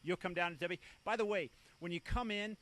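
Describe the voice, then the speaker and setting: A man's voice: high-pitched, a little fast, a bit bright. A man hosting a local show, interviewing a guest in a cafe in an upbeat, promotional way. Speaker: host. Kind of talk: casual interview. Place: inside a cafe.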